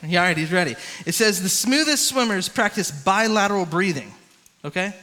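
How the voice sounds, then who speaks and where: A man preaching a lively youth sermon, coaching a volunteer through swimming moves and calling on the crowd. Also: high-pitched, a little fast, long reverb tail. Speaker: youth pastor.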